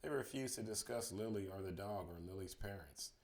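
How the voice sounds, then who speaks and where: Reading a kids' chapter book as a bedtime story, this man speaks on the low side and at a brisk clip, keeping the narration even and perking up for dialogue.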